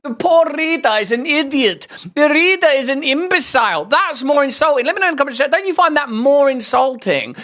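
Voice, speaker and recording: A man's voice: very high voice, animated, a little fast, hardly any pauses, bright, forceful tone. A man hosting a satirical reaction commentary, sardonic and rambling, with theatrical asides. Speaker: commentary host.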